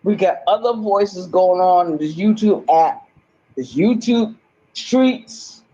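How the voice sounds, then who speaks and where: A woman's voice: on the low side, slow pace, warm tone, dull audio. A woman talking in an agitated, rambling monologue, emphatic and swearing often, repeating herself.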